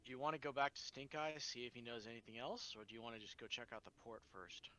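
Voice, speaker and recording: A man playing a tabletop game, calmly organizing the group's next steps. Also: mid-range voice, fast talker. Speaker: player. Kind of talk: casual game chat.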